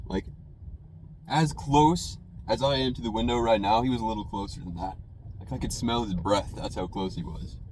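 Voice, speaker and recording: A man's voice: mid-range voice, darkish tone, slight background noise, low-quality recording. A young man, a college student, telling a rambling story in a casual, conversational way while sitting in his car. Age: young adult. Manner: rambling, conversational, full of "you know" and "man". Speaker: food reviewer telling a story.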